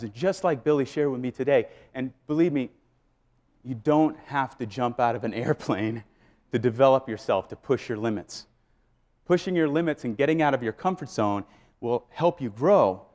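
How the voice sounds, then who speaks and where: Animated male keynote storyteller. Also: mid-range voice. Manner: animated, acts out scenes and voices. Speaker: keynote speaker. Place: live event before an audience.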